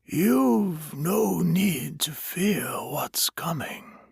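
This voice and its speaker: A gentle ghost murmurs in a hushed, comforting half-whisper, as a man reads him out. The voice is soothing but unsettling, sliding up and down, recorded dry and close. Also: fairly high pitch, big pitch swings, drawn-out words, vocal fry, husky, no echo, voice pushed up, exaggerated voice. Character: soothing ghostly male stranger, gentle and eerie.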